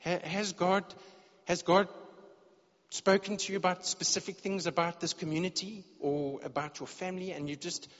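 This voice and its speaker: An earnest male preacher delivers a sermon to his congregation, sometimes stumbling over and repeating words as he feels his way forward. His voice sits a little high for a man. The recording is dull and lo-fi, with a long reverb trailing off the walls of the church hall. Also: steady tone, moderate pace. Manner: earnest, repeats words when searching for phrasing.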